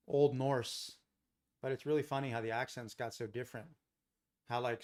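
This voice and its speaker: Brief: middle-aged American man, loose live-stream host, mid-range voice, talks to chat while watching charts. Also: medium pitch. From Los Angeles, USA. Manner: chatty, thinks aloud, talks to chat viewers. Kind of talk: casual live-stream commentary.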